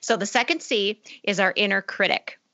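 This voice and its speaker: A woman hosting a faith podcast, speaking in an affirming, energetic way. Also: mid-range voice, moderate pace, lo-fi sound. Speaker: podcast host. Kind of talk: faith-based podcast conversation.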